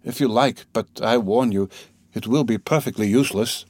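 A man's voice: fairly low pitch, normal speed, no echo, natural voice. A man reading an audiobook voices a precise, mistrustful old doctor who speaks bluntly and matter-of-factly. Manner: blunt, matter-of-fact, hushed.

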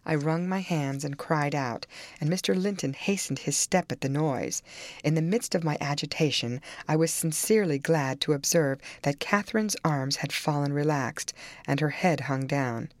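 A woman reading a classic novel aloud in measured, dramatic first-person narration. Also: deep voice, dry recording. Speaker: audiobook narrator.

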